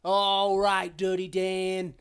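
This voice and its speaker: A woman voicing an excitable young boy who loves westerns, whiny and playful. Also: mid-range voice, takes it slowly, clean tone. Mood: mock-tough.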